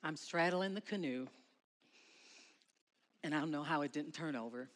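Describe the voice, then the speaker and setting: A middle-aged woman speaking at a school chapel, telling her story to students dramatically and acting out her shouts. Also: deep voice, normal speed. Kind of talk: emotional testimony to students. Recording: long hall reverb.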